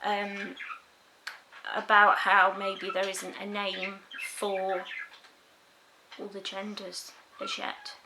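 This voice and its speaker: Young woman, personal vlog, halting and reflective, unhurried delivery, some background noise. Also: mid-range voice, monotone. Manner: thoughtful, halting, many ums. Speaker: vlogger. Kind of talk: casual personal talk to camera.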